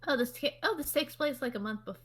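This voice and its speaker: A woman's voice: high-pitched, fast talker, noisy background. A woman co-hosting a game stream, chatting and reading lines in a playful way. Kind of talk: casual commentary on a game stream.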